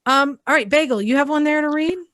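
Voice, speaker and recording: A woman hosting a podcast, chatting casually in a brisk, joking way. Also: high voice, over a noisy crowd. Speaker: podcast host. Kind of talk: casual chat.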